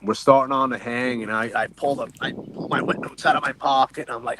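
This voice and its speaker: A man telling an excitable diving story, swearing casually and acting out what he said at the time. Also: mid-range voice, fairly quick, noisy background. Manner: excitable, swears casually, acts out his own quotes. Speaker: wreck diver guest. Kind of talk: animated storytelling.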